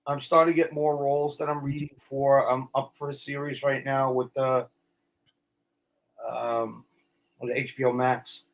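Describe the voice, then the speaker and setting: A middle-aged man, an actor guest telling stories in a casual interview, blunt and animated. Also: mid-range voice, unhurried.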